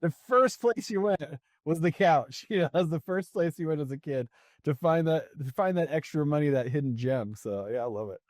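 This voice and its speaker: Mellow-voiced chatty man telling a story. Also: a little high, expressive, normal speed, dry recording, studio quality. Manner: chatty, laughs often, many fillers. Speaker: podcast guest, sales coach. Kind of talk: casual storytelling conversation.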